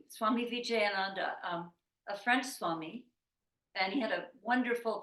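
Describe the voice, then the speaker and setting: A woman's voice: medium pitch, a bit bright, recorded from a distance. A woman hosting a satsang, earnestly introducing stories and reading an interview account aloud. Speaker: satsang host. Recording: roomy echo, voice away from the mic.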